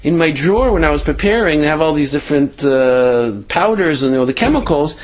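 A man voicing a flustered male pharmacist who explains himself fast and anxiously. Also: fairly high pitch, expressive, pitched above the performer's own voice, lightly acted. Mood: alarmed.

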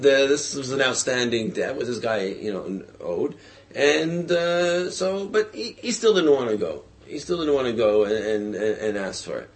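Animated man telling a teaching story. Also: medium pitch. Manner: animated, acts out voices, frequent fillers. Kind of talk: storytelling Torah class.

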